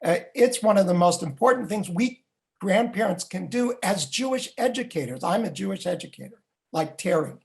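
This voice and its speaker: Older guy telling grandparent stories, lively, higher voice. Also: normal speed, gravelly. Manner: animated, vivid storytelling. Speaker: storyteller and Jewish educator. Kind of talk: storytelling talk.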